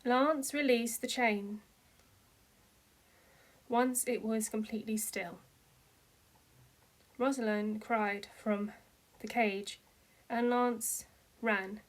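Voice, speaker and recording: A woman's voice: fairly high pitch, steady tone, drawn-out words, long pauses. A woman reading fan fiction aloud, narrating steadily and lifting her voice for the characters' cries. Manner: reads steadily, with voices rising into cries for dialogue. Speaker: fanfiction reader. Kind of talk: amateur read-aloud story narration.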